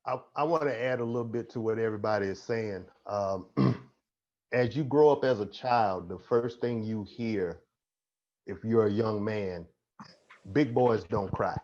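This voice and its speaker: A man's voice: lowish voice, a little slow, darkish tone. A man speaking as a counselor on a panel, emphatic with a repetitive, preacher-like cadence. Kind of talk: panel discussion. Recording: dull lo-fi audio with faint noise.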